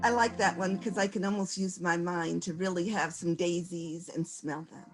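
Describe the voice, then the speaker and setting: At a virtual conference workshop on stress reduction, a woman coaches breathing in a gentle, folksy, conversational way. Her voice is fairly low and steady at a normal speed, and the audio is poor, with music playing underneath.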